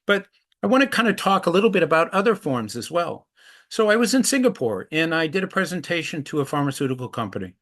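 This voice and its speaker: In a fast, sing-song delivery with a fairly high and slightly bright voice, a middle-aged activist recounts anecdotes about fighting trafficking. He's earnest throughout and voices the people he quotes.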